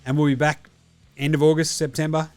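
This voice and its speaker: A man's voice: a little high, little pitch movement, fairly quick, darkish tone, dry recording, soft background music. A man with an Australian accent, hosting a sports podcast and signing off in a casual, matey chat with a fair bit of swearing. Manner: swearing, laid-back and matey. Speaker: podcast host.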